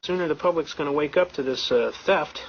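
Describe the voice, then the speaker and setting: A man with a slightly high voice tells folksy anecdotes and gives advice, acting out the people in his stories. The recording is muffled, with faint hiss behind it. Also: brisk. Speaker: speaker on legal self-defense. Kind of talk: storytelling and advice talk.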